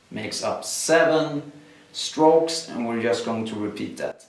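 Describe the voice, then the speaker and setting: A male drum teacher talks through his exercises slowly, pausing on fillers as he explains. His voice sits at an ordinary pitch and rings around a very echoey room, picked up from some distance. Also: expressive, noisy background. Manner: slow, explanatory, with frequent fillers. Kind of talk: instructional drum lesson. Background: drums played between explanations.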